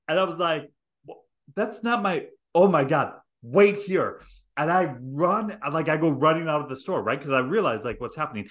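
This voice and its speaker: Animated, profane man telling a story. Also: on the high side, brisk. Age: middle-aged. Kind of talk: storytelling chat.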